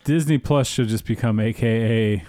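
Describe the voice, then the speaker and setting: A blunt, opinionated podcast co-host chats casually, often laughing at his own jabs. His voice is mellow, medium-pitched and at normal speed, recorded dry with clean studio sound.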